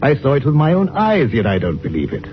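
An actor playing a gentle, fretful village vicar in a 1940s radio play, on a dull old recording. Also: male voice, mid-range voice, huge pitch swings, fast, soft background music. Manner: earnest and fretful.

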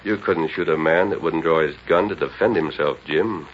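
Lone Ranger, a deep calm hero. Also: male voice. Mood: steady. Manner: steady, persuasive and measured. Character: calm, commanding masked Texas lawman hero. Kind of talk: 1930s radio drama acting. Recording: dull lo-fi old radio broadcast.

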